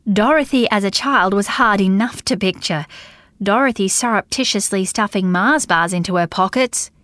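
A woman reading a story aloud as an audiobook narrator, in an even, measured way. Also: medium pitch, no echo. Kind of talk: scripted narration.

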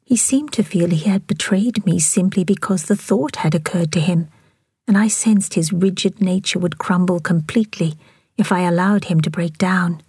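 Breathy whispering woman narrator. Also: on the low side, normal speed, dry recording, clean studio sound. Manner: soft, even whispered reading. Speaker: author and audiobook reader.

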